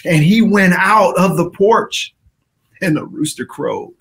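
A male pastor giving a dramatic sermon, swinging from shouting to hushed passages. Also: high-pitched, slow pace.

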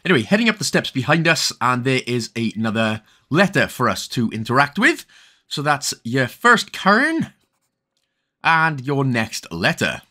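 Lively Welsh man narrating gameplay. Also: mid-range voice, a little slow. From Wales. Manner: rambling, jokey, self-correcting. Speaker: game walkthrough host. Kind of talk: casual gameplay commentary.

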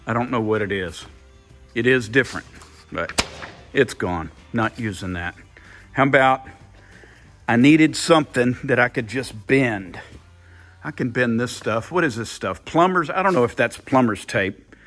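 A man's voice: mid-range voice, lively intonation, measured pace, long pauses, fairly bright tone, soft background music. An older man thinking aloud in a casual workshop vlog, rambling and repeating himself as he works. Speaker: car builder, channel host.

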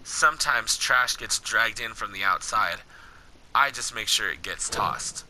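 Smug ambitious male brawler, read by a gamer; quiet, dismissive, bright. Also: fairly low pitch, expressive, measured pace, slight background noise, pitched below the performer's own voice, exaggerated voice, poor audio.

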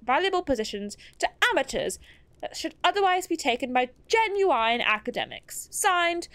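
A woman's voice: high voice, sing-song, normal speed, a bit bright, no room sound, voice pushed up, exaggerated voice. A woman reading as a pompous college official. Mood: haughty. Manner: poshed-up, haughty reading. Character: stuffy male college official, dismissive and pompous.

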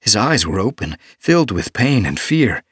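A man reading an audiobook as narrator, steady and measured. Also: lowish voice, breathy edge, no echo. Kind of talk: scripted narration. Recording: dry studio booth.

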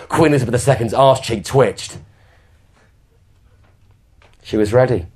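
A male comedian reciting a comic narrative poem at a live show. His delivery is theatrical, leaning into deliberate repetitions. The voice sits at an ordinary middle pitch for a man. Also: darkish tone, breathy edge. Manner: theatrical storytelling, drawn-out repetitions. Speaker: comedian and performance poet.

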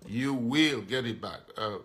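A man's voice: medium pitch, a little slow, a bit bright. A man preaching a live-streamed sermon as pastor, emphatic and repetitive, calling out to viewers. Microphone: camera mic.

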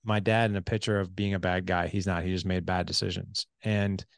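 Podcast host, man, 40s, gravelly low voice, animated storyteller, dry close sound. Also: fairly quick, dry recording. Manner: animated storyteller who acts out quoted dialogue. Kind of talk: casual storytelling conversation.

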